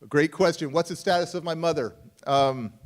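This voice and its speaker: A man giving a motivational talk and taking audience questions at a summit. He speaks in a conversational, confiding way, with sudden shifts between loud, emphatic lines and quiet, hushed ones. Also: on the high side, moderate pace. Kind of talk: live storytelling talk and audience Q&A.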